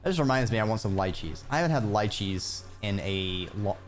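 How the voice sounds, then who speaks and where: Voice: low voice, animated, brisk, soft background music. A streamer rambling and joking to themselves during live gameplay commentary. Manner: rambling, joking self-talk.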